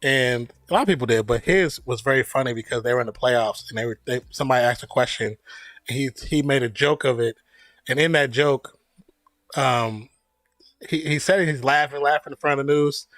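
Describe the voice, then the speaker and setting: This man streams basketball play-by-play for a live watch party, talking briskly in a medium-pitched, slightly bright voice. His casual commentary is full of opinions and jokes, and he laughs at his own lines. There's no room sound.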